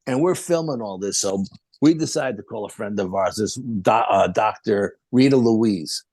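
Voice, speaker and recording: A man, a podcast guest telling a rambling, animated story full of quoted dialogue. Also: lowish voice, normal speed, husky, no echo. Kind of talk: casual storytelling.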